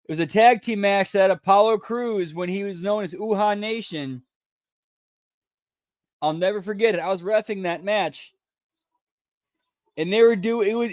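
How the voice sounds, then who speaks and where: A man's voice: sits high, no echo, studio quality. A man hosting a casual watch-along stream, chatting and rambling with frequent restarts. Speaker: stream host.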